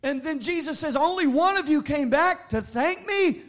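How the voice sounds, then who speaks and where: A man preaching a sermon, moving from shouted sing-song appeals to quieter, conversational teaching with frequent restarts. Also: very high voice, animated, moderate pace. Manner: repeats words in restarts. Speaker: pastor.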